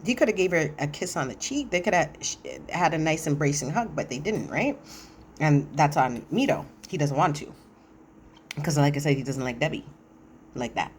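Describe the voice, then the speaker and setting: A woman with a low voice talks through a reality TV episode in a loose, chatty recap. She is sassy and opinionated and leans on fillers as she goes. A faint hum of noise sits behind her. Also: expressive, normal speed. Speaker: reality TV review commentator. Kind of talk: casual recap commentary.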